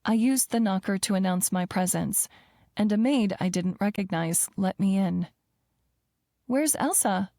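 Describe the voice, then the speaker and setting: A woman narrating a first-person romance audiobook in an even, measured storytelling voice, close to the mic. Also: medium pitch, no room sound.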